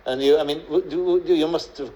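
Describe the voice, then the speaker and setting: A man hosting a TV chat show, asking gentle, probing questions that often end in tag questions. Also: fairly high pitch, steady tone, quick pace, slight background noise, rough recording.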